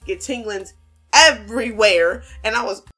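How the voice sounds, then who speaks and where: A woman's voice: fairly high pitch, a little slow, pushed and bright, slightly rough, poor audio. Jittery woman gamer, game music behind. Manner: jittery, repeats panicked phrases over and over; casual slangy chatter with viewers. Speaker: gaming channel host. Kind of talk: horror game let's-play commentary.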